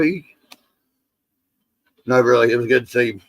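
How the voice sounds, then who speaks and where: A man's voice: mid-range voice, normal speed, no room sound, rough recording. A man hosting a casual livestream, rambling and teasing his friends with salty jokes. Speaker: livestream host.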